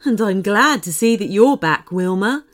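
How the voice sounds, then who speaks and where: Woman voicing a big warm unicorn. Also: a little high, sing-song, normal speed, voice pushed up. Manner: warm, welcoming. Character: large kind unicorn, warm elder of the herd.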